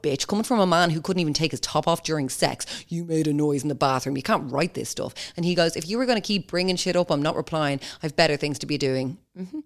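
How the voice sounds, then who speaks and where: A young woman hosting a podcast, telling a story in a blunt, sweary, animated way. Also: deep voice. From Ireland. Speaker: podcast host. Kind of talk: casual monologue.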